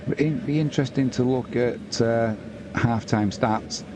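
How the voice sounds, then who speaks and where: A man's voice: mid-range voice, measured pace, background noise. A man hosting a live football watch-along, commentating and chatting casually with viewers. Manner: chatty, talks to viewers and reads out chat messages.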